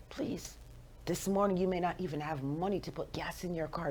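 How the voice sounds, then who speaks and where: A woman in her forties with a Jamaican accent, hosting a radio show with playful, animated motivational talk. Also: lowish voice, moderate pace, slight background noise. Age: 40s.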